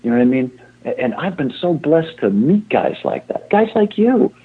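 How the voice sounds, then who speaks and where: An older fire chief talks as an interview guest, wandering from thought to thought and running himself down with a laugh. His voice is husky. It comes through a thin, tinny phone line. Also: mid-range voice, animated, normal speed. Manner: rambling, self-deprecating, repeats himself. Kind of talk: casual interview talk.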